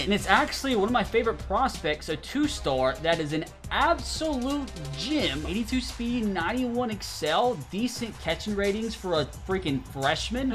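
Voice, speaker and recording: A young man hosting a gaming channel, giving excited gameplay commentary to his viewers, swinging between loud outbursts and frustrated muttering. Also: high-pitched. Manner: talks to viewers as "fellas".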